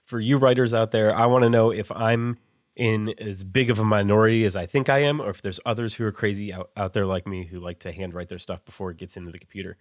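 Man, podcast co-host, casual chat, low pitch, dry sound, filler-heavy. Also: dry recording. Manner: chatty, lots of "like" fillers.

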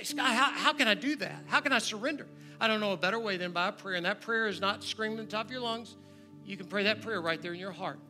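A man with a high, very bright voice preaches in a church sanctuary, leading an invitation to prayer. He moves from loud, urgent appeals to hushed, prayerful lines, and soft music plays faintly behind him. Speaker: guest preacher, church member. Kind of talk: sermon with altar call.

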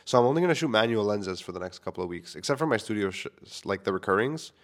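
A man's voice: lowish voice, lively intonation, quick pace. A young man, a filmmaker, talking casually into a microphone to his listeners, candid and self-deprecating, swearing freely. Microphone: studio microphone.

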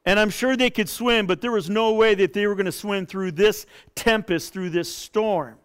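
A male pastor preaching a sermon, expressive, rising into impassioned pleading. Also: sits high, moderate pace, smooth.

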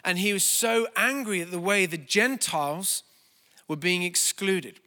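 A man's voice: sits high, unhurried, pushed and bright, long reverb tail. A middle-aged man preaching a sermon, telling stories with conversational asides and self-deprecating humor. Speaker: pastor.

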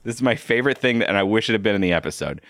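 A man co-hosting a casual podcast, an animated storyteller who stammers and laughs often. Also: on the low side, racing, no echo, studio quality. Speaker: podcast co-host.

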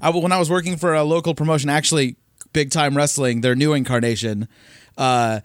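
A man's voice: a little high, steady tone, brisk, no room sound, studio quality. A man hosting a podcast interview, chatting casually. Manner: casual, chatty, laughs along. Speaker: podcast host.

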